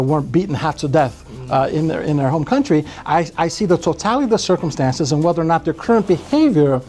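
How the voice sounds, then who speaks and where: Animated man explaining law, higher voice. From Brazil. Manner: animated, acts out quotes in other voices. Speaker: immigration lawyer. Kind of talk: explanatory podcast interview.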